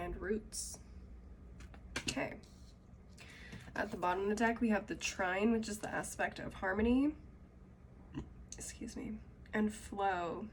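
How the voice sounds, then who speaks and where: A woman's voice: medium pitch, a little hiss or hum. A woman with a cold, sounding congested, giving a casual tarot reading and musing aloud over the cards. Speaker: tarot reader.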